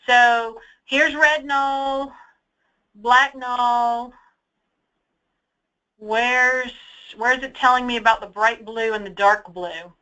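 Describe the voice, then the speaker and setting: Bright-voiced woman leading a software webinar. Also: on the high side, low-quality recording. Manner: chatty, emphatic, checks in with "okay?". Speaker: data trainer. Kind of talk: webinar screen-share walkthrough. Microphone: computer mic for online webinar.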